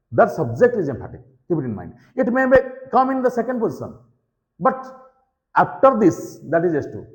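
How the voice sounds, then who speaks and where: A man teaching a grammar lesson, repeating key points and often checking if students follow. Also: high-pitched. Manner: repetitive, checks understanding with "okay?". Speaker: English teacher.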